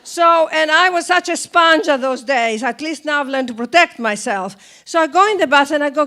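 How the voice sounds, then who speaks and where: A woman with a Greek accent giving a motivational talk through animated storytelling. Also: high voice, brisk. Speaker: speaker.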